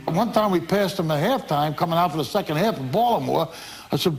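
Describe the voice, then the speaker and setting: A former football player telling animated anecdotes in an interview, acting out other people's voices. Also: male voice, fairly quick, faint music behind. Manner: animated storyteller, acts out voices of others in high squeals.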